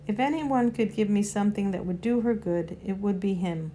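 A woman's voice: medium pitch, moderate pace, dark tone, slight background noise, natural voice. A woman reading a storybook aloud and voicing an earnest young boy who speaks eagerly and urgently.

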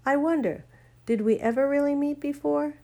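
Female reader playing a thoughtful young girl in a storybook, soft and lifted. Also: sits high, moderate pace, voice pushed up. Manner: soft and wondering.

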